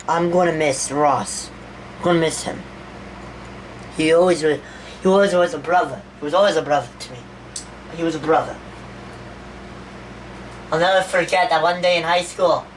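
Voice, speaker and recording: A woman's voice: mid-range voice, distant mic, slight background noise, natural voice, poor audio. A woman voicing a grieving young man who gives a rambling, stammering eulogy in a homemade toy-figure animation. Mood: stammering, sad. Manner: stammering, repeats words, rambling. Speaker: eulogy speaker.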